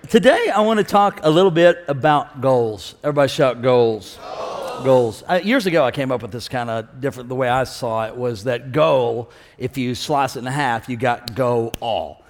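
A man preaching a lively sermon in a large church, telling jokes and calling out to the congregation. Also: medium pitch, normal speed. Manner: energetic, joking, calls out to the congregation. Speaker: senior pastor. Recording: long reverb of a large hall.

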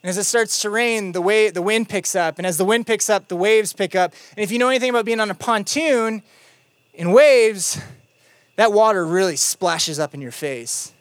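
This youth pastor preaches in a relaxed, conversational way, with playful asides and lively retelling that settles into quiet emphasis. The voice sits at a mid pitch. The sound is close and dry, with no room echo. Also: moderate pace. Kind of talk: sermon.

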